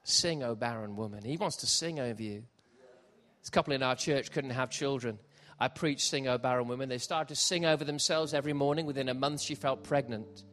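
A man preaching a live sermon at a church service, building passionately and sometimes shouting. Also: medium pitch, fairly quick. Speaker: pastor. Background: faint piano.

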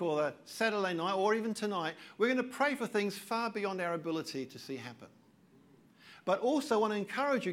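A man's voice: high-pitched, a bit bright. An older man preaching a sermon as pastor, earnest and emphatic, repeating key phrases.

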